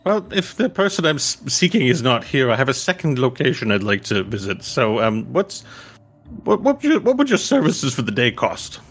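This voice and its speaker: A man playing a dithering old news reporter, husky, pitch all over, lively. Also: moderate pace, soft background music, full character voice. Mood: fussy. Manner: hesitant, fussy, rambling. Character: old male newspaper correspondent, fussy and polite.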